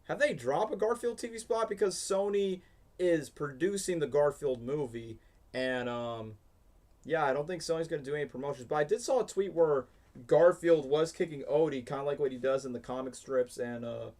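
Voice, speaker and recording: In this reaction livestream, the host's voice is fairly high and somewhat dark, and he talks briskly. He's chatty and rambling, peppering his speech with "bro" and "like."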